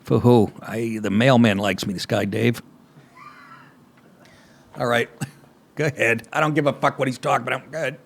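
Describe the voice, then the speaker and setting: A man's voice: mid-range voice, fairly even intonation, moderate pace, gravelly, long pauses. A man hosting a talk show, ranting sarcastically and crudely over political clips.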